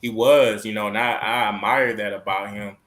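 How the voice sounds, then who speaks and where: Low-voiced reflective man. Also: fairly even intonation, moderate pace, a bit bright. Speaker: panel guest. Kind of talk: casual panel chat.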